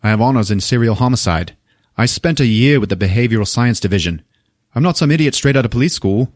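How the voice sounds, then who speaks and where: In clean studio sound with no room echo, a male podcast co-host recaps a movie scene by scene in casual chat. His medium-pitched voice is animated and fast, and he swears freely while acting out the characters' lines.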